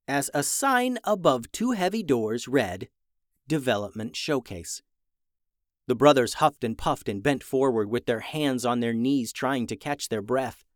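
A man narrating a children's adventure story in an animated, dramatic way. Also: medium pitch, no echo, clean studio sound. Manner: animated, dramatic rises in tension.

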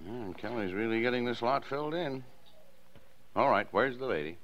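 A man's voice: mid-range voice, lively intonation, moderate pace, a bit bright, close to an everyday voice. A man playing a patient, teasing small-town dad. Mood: humoring. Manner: soothing, indulgent, humoring. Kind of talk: 1940s radio acting. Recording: dull old radio broadcast.

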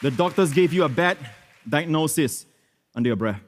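A male pastor preaching a sermon, his fairly high voice ringing out with long reverb in a church hall. He swings from emphatic exclamations down to hushed, prayerful lines. He repeats phrases and scatters hallelujahs and amens throughout. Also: animated, moderate pace, some chatter behind, a little hiss or hum.

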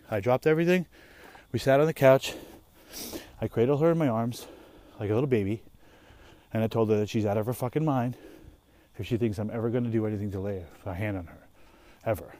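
A man's voice: medium pitch, quick pace, pauses often, warm tone, dry recording. A young man and parent, talking casually while walking through the woods, rambling with lots of swearing and restarts. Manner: rambling, profane, trailing off and restarting. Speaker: vlogger and parent. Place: woods outdoors.

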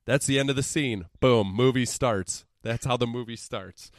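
A man's voice: medium pitch, normal speed, no room sound, clean studio sound. A young man on a podcast, recapping a movie in a sarcastic, profane, storytelling way. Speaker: podcast co-host.

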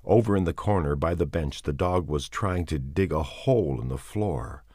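Male audiobook narrator, extremely deep voice, measured and expressive, dry close sound. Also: husky, dry recording. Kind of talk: dramatic audiobook reading.

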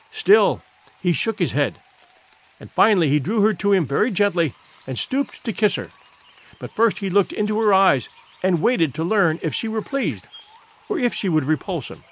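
Expressive male storybook narrator, lively pitch. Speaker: audiobook narrator.

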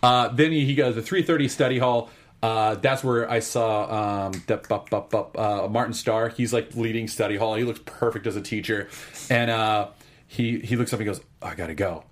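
A young man in casual chat, excitedly recapping a film scene by scene with lots of fillers and restarts. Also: lowish voice, moderate pace. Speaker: podcast co-host.

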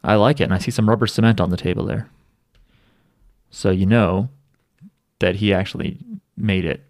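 A man with a lowish voice co-hosts a casual podcast, joking and rambling with plenty of ums. The sound is dry and close, with no room echo. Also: fairly even intonation, normal speed, a little mellow. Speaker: podcast co-host.

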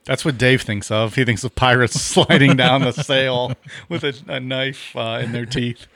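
A man's voice: mid-range voice, fairly even intonation, moderate pace, a bit bright, no room sound. A man co-hosting a podcast, joking and teasing the others. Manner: joking, teasing, laughs often. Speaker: podcast co-host. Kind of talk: casual chat.

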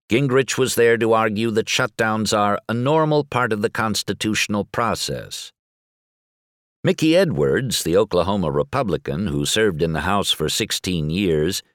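A man narrating a magazine article in a measured, articulate reading voice. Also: deep voice, a bit bright, no echo, clean studio sound.

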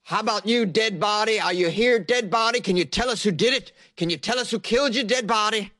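A man voicing a blustering middle-aged sheriff, loud and mocking. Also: high voice, fairly quick, no echo, studio quality, voice pushed up.

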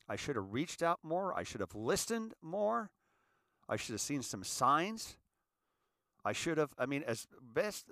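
A man's voice: fairly high pitch, dry recording. Middle-aged male host, heartfelt stumbling monologue, dry close-mic sound. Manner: halting, repeats words, grows animated. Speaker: podcast host.

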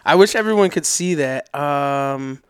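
A man's voice: fairly high pitch, lively intonation, unhurried, smooth, no room sound, studio quality. A man hosting a podcast, reacting with enthusiasm and teasing his guests in casual chat. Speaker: podcast host.

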